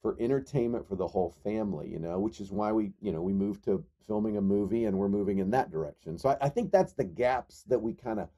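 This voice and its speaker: A man's voice: on the low side, lively intonation, fast talker, few pauses, mellow. A man, a guest, chatting casually and dropping dry jokes. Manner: wry, joking asides. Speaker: guest, comedy performer. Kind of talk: casual chat.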